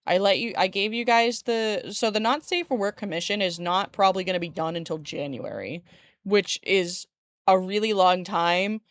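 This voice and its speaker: A woman's voice: medium pitch, animated, moderate pace, dry recording. A woman streaming live, chatting casually with viewers in a rambling way, laughing often and swearing lightly. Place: room at home by a window. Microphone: desk streaming mic.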